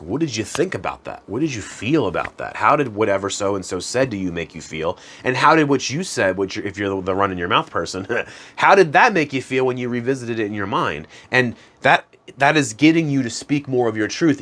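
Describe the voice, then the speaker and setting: A man hosting a self-improvement channel, explaining practices in a casual, conversational way and chuckling at himself now and then. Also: mid-range voice. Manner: conversational, chuckles at himself, chants hum softly. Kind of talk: casual instructional talk.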